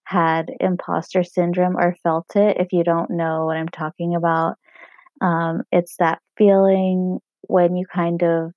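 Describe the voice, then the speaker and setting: Young woman w a scratchy hoarse throat, lowish voice, rambling podcast chat, dry muffled mic. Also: darkish tone, no room sound. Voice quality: husky. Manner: meandering, lots of fillers like "um" and "like". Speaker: podcast host. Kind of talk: casual solo podcast talk. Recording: dry, muffled home recording.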